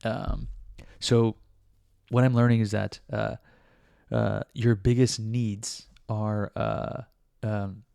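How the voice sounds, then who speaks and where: A man's voice: on the low side, little pitch movement, slow pace, creaky, dark tone, clear, resonant tone, dry recording, clean studio sound. A man vlogging a casual, reflective monologue, rambling with many fillers and restarts, sometimes talking to himself with self-mocking laughs.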